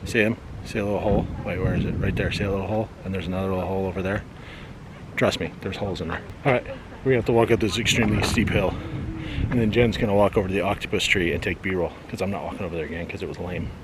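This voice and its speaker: A man's voice: low voice, steady tone, very fast. A man vlogging casually on a coastal cape, joking dryly with sarcastic asides and at times out of breath from a steep hill. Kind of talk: casual vlog narration. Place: outdoors on a windy coastal cape. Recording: noisy outdoor camera audio.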